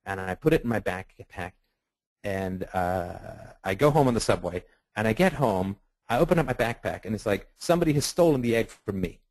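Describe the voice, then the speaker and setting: A man giving a webinar lecture on ethics, animated and rhetorical, acting out the voices of people he quotes. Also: mid-range voice, no echo, rough recording. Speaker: webinar speaker.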